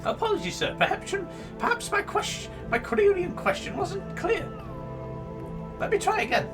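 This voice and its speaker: A man voicing an overly polite male alien passenger in a shrill, squeaky falsetto, fussy and formal, doubling his words. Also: sing-song, moderate pace, far from the mic. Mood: prissy, inquisitive. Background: game music.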